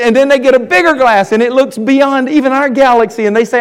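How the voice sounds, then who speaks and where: A middle-aged man preaching a sermon as pastor, animated and mocking skeptics in put-on voices. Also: very high voice, fast talker, hardly any pauses, clean tone. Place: church sanctuary. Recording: long reverb of a church hall.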